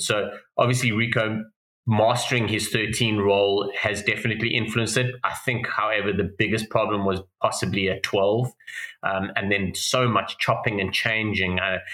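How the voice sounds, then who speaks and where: A man's voice: lowish voice, pushed and bright. A man, co-hosting a podcast and talking through rugby analysis in a rambling way, with many restarts. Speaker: podcast co-host. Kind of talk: casual rugby analysis chat. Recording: roomy echo.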